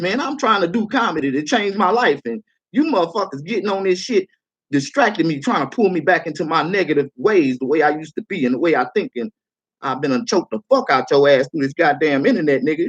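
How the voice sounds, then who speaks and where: A livestreaming comedian, a man, giving a profane, heated rant that swings from calm to shouting. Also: a little high, a little fast, breathy edge, highs cut off.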